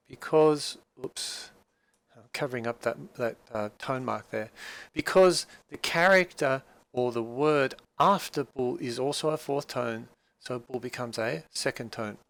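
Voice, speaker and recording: Patient male teacher with a smooth voice. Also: medium pitch, no echo. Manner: patient, with many fillers and restarts. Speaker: language teacher. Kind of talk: explaining a textbook dialogue.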